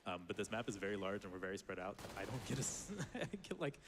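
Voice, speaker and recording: A man's voice: fairly low pitch, quick pace, background noise. A man giving casual live commentary on his speedrun, explaining as he plays and laughing often.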